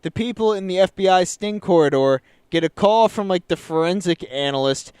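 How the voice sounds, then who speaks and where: Guy on a podcast, super clear voice, kinda high, telling a movie plot and doing quick voices for the characters. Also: expressive, darkish tone, dry recording. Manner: retells the plot in quick quoted voices, loose and joking. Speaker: podcast co-host recapping a film. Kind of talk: casual chat.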